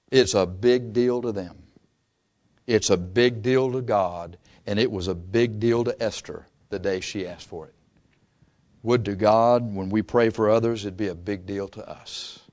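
A man's voice: fairly low pitch, a little mellow. A male preacher giving an impassioned sermon, telling the story and acting out the voices of its figures.

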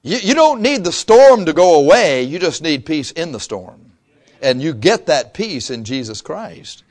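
A man's voice: a little high, very animated, a little slow, darkish tone. A male pastor preaching a sermon in a conversational way, with frequent restarts and quotes he acts out.

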